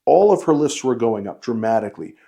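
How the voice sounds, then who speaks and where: Blunt, mellow-voiced male fitness coach. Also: medium pitch, animated, quick pace, gravelly. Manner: blunt, emphatic, lecturing. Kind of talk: direct-to-camera coaching lesson.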